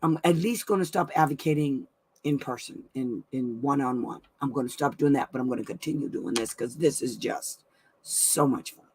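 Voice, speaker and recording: A woman's voice: a bass voice, normal speed, darkish tone, a little hiss or hum. A middle-aged woman hosting a weekly live advice stream from home, chatting effusively and laughing often. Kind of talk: casual live-stream chat.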